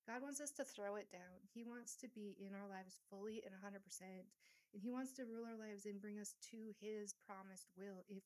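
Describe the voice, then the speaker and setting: Woman teaching a Bible study. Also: medium pitch. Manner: reads scripture aloud, then paraphrases in casual asides. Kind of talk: Bible study reading and commentary.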